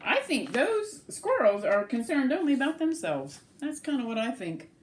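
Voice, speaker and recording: A woman with a high-pitched voice reads a rhyming picture book to children at normal speed, animated and sing-song, stopping to put questions to the kids.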